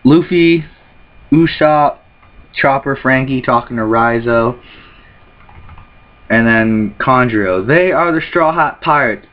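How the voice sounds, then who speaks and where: Male manga reactor, mid pitch, reads panels aloud, dull lo-fi sound. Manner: reads character lines in quick put-on voices between plain remarks. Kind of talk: reading a manga chapter aloud with commentary.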